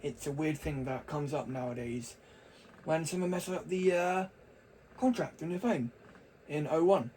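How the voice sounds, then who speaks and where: A man's voice: fairly high pitch, unhurried, darkish tone, a little hiss or hum, poor audio. A young man talking casually to camera, rambling and chatty with frequent restarts. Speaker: vlogger.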